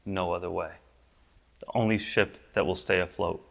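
A pastor preaching a sermon, his voice climbing high and loud for the pleas and dropping low and soft on the promises. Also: fairly even intonation, normal speed, creaky.

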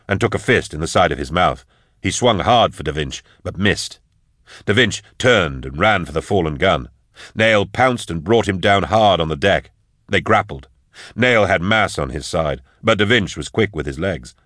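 A man reading an action story aloud in steady, measured audiobook narration. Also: deep voice, dry recording, clean studio sound.

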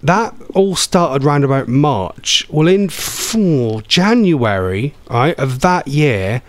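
A man's voice: a little high, animated, slow. A man hosting a radio phone-in, chatting casually and rambling with lots of ums. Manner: chatty, rambling, says um often. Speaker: radio show host.

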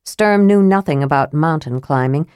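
Low-voiced woman narrating an audiobook. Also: moderate pace, a little mellow, clear, resonant tone, no room sound, clean studio sound.

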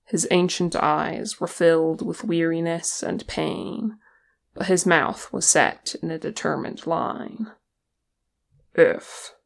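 Slow, gravelly storybook narrator. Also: mid-range voice, fairly even intonation. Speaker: audiobook reader. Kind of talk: fan fiction audiobook narration.

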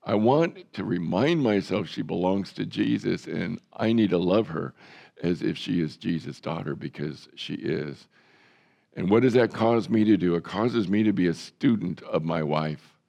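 Gravelly low-voiced male pastor preaching. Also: lively intonation, measured pace, dark tone. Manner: conversational, folksy storytelling; self-deprecating humor. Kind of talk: sermon.

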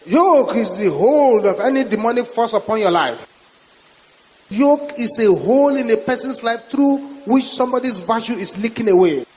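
A man's voice: extremely high pitch, animated, moderate pace, darkish tone. A man with a Nigerian accent preaching a sermon as a pastor, with emphatic, repetitive declarations. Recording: reverberant hall with faint hiss.

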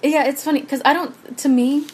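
Rambling woman with a slightly high voice. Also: steady tone, a little mellow, rough recording. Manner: rambling, halting, with frequent laughs. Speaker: podcast co-host. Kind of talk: casual chat recap of a TV show.

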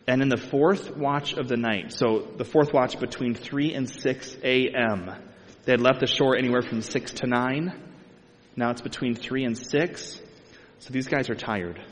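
A man preaching a sermon, reading scripture aloud and explaining it in a conversational way with casual asides. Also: mid-range voice. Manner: conversational, asides and speculation with light laughs. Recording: long hall reverb.

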